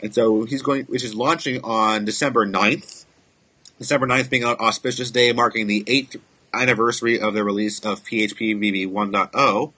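A man co-hosting a casual tech podcast, chatty and quick to laugh, with loose restarts. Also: on the low side, steady tone, pushed and bright, slightly rough. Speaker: podcast co-host.

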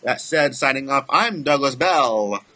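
A man's voice: medium pitch, expressive, a little slow, pushed and bright. Chatty man co-hosting a tech podcast. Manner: chatty, laughs easily, loose restarts. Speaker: podcast co-host. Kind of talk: casual tech podcast chat.

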